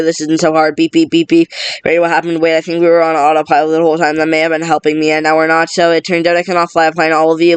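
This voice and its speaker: A man reading a film script aloud in a flat, rapid monotone. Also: a little high, clean tone, dry recording. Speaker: script reader.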